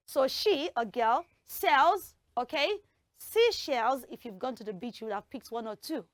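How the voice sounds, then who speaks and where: Kids' show host: woman, high bright voice, cheerful and full of praise, dry close sound. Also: animated, no echo. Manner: bubbly and encouraging, heaps praise on the children; draws words out slowly when teaching the tongue twister. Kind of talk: lively hosting of a kids' quiz in front of a school audience.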